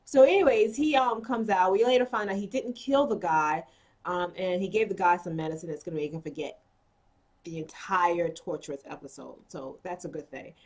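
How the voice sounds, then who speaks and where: A woman's voice: on the low side, normal speed, darkish tone. Chatty woman recapping a TV episode. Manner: chatty, quotes the characters in the retelling; frequent "you know" and "um" asides. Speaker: TV episode reviewer.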